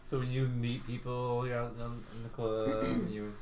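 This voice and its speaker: A woman's voice: a bass voice, level tone, moderate pace. A woman teasing her friends bluntly in casual chat. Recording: roomy with background noise.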